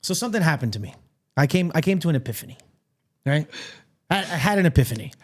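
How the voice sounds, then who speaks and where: A man co-hosting a podcast, telling stories in an animated, profane, casual way. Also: on the high side, fast talker. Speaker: podcast co-host. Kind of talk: casual chat.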